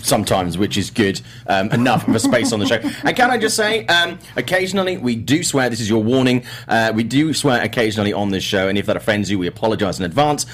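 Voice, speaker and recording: A man's voice: lowish voice, sing-song, fast talker, hardly any pauses, a bit bright, slight background noise. A middle-aged man with an English accent, hosting a casual movie chat show, rambling and self-deprecating with many fillers. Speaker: host.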